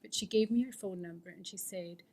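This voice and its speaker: A woman's voice: medium pitch, brisk, a little mellow. A middle-aged woman telling her own recovery story at a fellowship meeting, candid and self-mocking, often sinking into a whisper. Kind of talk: personal testimony talk.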